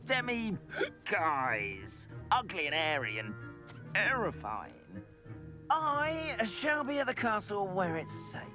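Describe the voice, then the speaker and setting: An actor playing a frightened old castle caretaker in a video game, speaking in shaky, gasping warnings. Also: male voice, sits high, wildly swooping pitch, takes it slowly, heavily acted. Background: game music.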